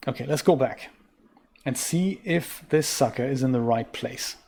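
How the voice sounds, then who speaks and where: With a mid-range, gravelly, slightly rough voice and a darkish tone, a German streamer talks through a puzzle game at moderate pace. His let's-play is casual, chatty and self-deprecating, full of rambling tangents.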